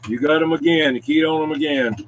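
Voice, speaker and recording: A man's voice: a little high, fairly quick, very noisy. A man, talking in a laid-back, matter-of-fact way as a CB radio operator. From South Carolina, US. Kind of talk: casual CB radio chat.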